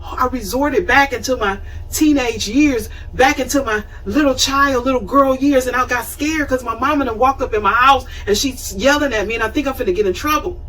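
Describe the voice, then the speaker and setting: Host, woman, 50s: husky, lively storyteller, recorded a little way off the mic. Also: high voice, fairly quick, hardly any pauses, distant mic, poor audio. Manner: animated, conversational, acts out scenes. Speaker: show host. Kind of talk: storytelling talk show monologue.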